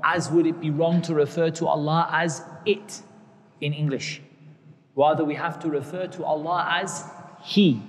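A man's voice: fairly high pitch, big-room sound. A man giving a religious lecture, explaining terms patiently and repeating key words. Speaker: Islamic teacher.

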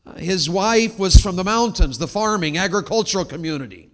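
A man preaches with a high-pitched voice. He swings from loud exclamations to hushed, drawn-out words. His voice rings with the long echo of a large hall. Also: expressive. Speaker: Baptist preacher. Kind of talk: sermon.

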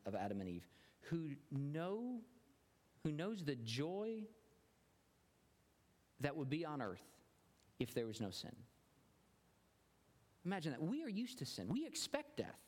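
A man's voice: fairly high pitch, very animated, measured pace, pauses often, a little mellow, in a large hall. A man preaching a sermon as a pastor, earnest and often repeating words as he searches for them.

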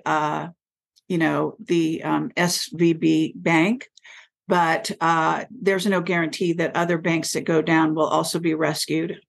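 A woman guest in an interview, speaking in a measured way and pausing often with fillers. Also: deep voice, creaky. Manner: measured, pauses with many fillers. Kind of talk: interview conversation.

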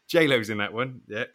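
A man's voice: mid-range voice, pushed and bright. A man hosting a casual podcast chat, joking and swearing as he goes through names. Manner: banter with swearing. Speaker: podcast host.

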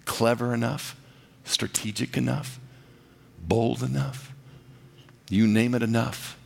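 A man's voice: fairly even intonation, measured pace, vocal fry, long pauses, breathy edge. A man preaching a sermon, swinging from big rising passages to near-whispers. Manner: dynamic preaching, swelling loud and high then dropping to a hush. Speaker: pastor. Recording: reverberant hall.

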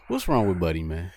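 A man co-hosting a podcast, talking in loose casual banter that climbs to near-shouting when he gets worked up, laughing a lot. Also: sits low. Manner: animated, rising to near-shouts when riled, laughs often. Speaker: podcast co-host.

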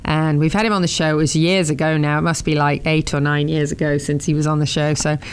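A woman's voice: low-pitched, little pitch movement, fast, smooth. A woman with an English accent hosting a casual talk show, chatty and laughing often. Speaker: host.

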